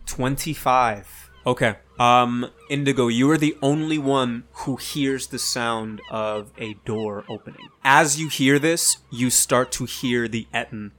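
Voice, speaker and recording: Guy running a tabletop game, relaxed, laughs a lot. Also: medium pitch, unhurried, slight background noise. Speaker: game master.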